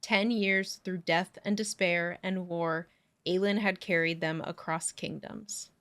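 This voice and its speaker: A woman's voice: fairly low pitch, fairly even intonation, a little slow, a bit bright. A woman co-hosting a book podcast who reads passages aloud and talks enthusiastically about the story. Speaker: podcast co-host. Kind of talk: book club chat with read-aloud passages.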